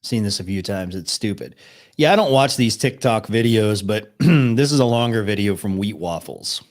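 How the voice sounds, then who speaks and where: In casual live-stream commentary, a man reacts to videos and talks to chat with sarcasm, bluntness, and offhand swearing. His voice is fairly low in pitch, expressive, and moderately paced.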